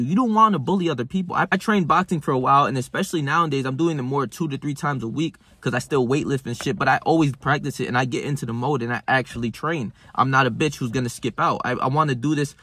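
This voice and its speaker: A man's voice: medium pitch, quick pace, few pauses, sharp tone, breathy edge, no echo. A young man giving a blunt, profane motivational talk, full of "right?" and restarts. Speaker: self-help vlogger. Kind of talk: casual motivational monologue to camera.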